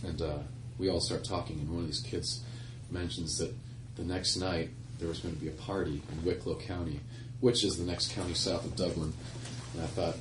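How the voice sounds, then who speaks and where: Deep-voiced man telling a stage story. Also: steady tone, moderate pace, background noise. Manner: rambling, laughing anecdote with self-corrections. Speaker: singer-songwriter performing live. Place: live music venue with audience. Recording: echoey live room from far off.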